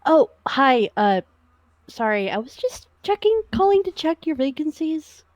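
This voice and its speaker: A woman's voice: high voice, big pitch swings, a little slow, no room sound. A woman playing in a tabletop role-play, casually describing her character's actions in the third person. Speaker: player.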